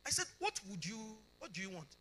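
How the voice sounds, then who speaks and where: A woman's voice: mid-range voice, big pitch swings, quick pace, a bit bright, slightly rough. A middle-aged woman with a Nigerian accent preaching a testimony at a conference. She tells her story with animation, acts out both sides of the conversations and keeps asking the congregation whether they understand. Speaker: conference speaker. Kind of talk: testimony sermon.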